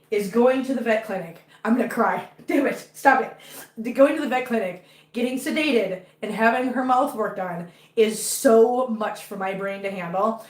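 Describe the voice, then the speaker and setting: A woman with a mid-range voice streams live from her home full of cats, the room echoey and the recording rough. Talkative and emotional, she openly frets about her cat.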